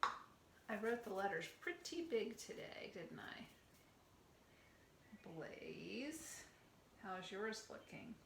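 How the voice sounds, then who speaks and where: A middle-aged teacher leads circle time for small children, speaking slowly and warmly praising each child. Her voice is bright and clear. The recording has a roomy echo and a faint hum of background noise. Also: medium pitch, sing-song. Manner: slow, gentle and encouraging, praising children by name. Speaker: preschool teacher. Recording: echoey room with faint ambient noise.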